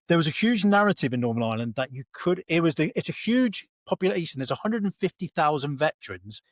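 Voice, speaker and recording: A man's voice: on the high side, big pitch swings, quick pace, few pauses, no room sound. An English man, a veteran guest, talking in a rambling, chatty way, often restarting his sentences. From England. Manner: rambling, self-correcting, chatty. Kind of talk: casual interview chat.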